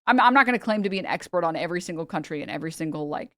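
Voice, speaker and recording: A lowish-voiced woman from the United States talks to her stream in a loose, chatty way. She is blunt and swears freely as she reacts to videos. The sound is close and dry, with no room around it. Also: expressive, very fast, dry recording. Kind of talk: casual reaction stream chat.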